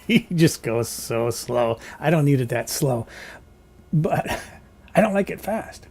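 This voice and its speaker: A man speaking in a casual, rambling, opinionated vlog at home. His voice is lively and varied in pitch, with a dark, gravelly and husky tone. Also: slow. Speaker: vlogger. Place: home kitchen.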